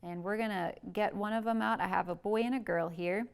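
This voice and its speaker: Gravelly woman reading aloud to kids. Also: mid-range voice, a little fast. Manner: sing-song, animated read-aloud with animal sounds. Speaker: museum educator reading to children. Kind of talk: children's story time reading and talk. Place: museum.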